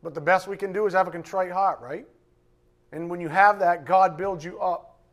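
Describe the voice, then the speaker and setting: A male pastor preaching an emphatic, fiery sermon in a church, then dropping to a quiet, hushed prayer. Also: high-pitched, steady tone, moderate pace.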